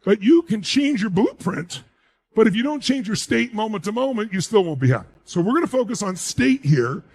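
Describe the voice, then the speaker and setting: A man delivering a motivational speech to a live crowd, his fairly high voice leaping up and down in pitch. He hammers his points home and keeps firing rhetorical questions at the listeners. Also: very animated, fairly quick, darkish tone, breathy edge. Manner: emphatic, asks the audience rhetorical questions. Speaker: motivational speaker.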